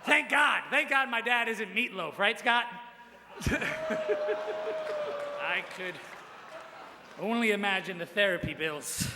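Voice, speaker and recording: A young man doing a crude, self-deprecating roast set on a stage mic, his punchlines jumping up into shouts. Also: high voice, animated, slow pace, long pauses, background noise. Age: young adult. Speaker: roast speaker. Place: large hall with audience. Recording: live hall recording with reverb.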